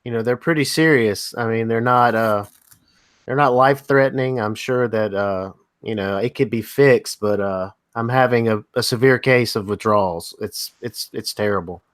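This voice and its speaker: A man's voice: mid-range voice, moderate pace. A man from North Carolina co-hosting a live drone chat stream, easygoing and hesitant with lots of fillers. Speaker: co-host.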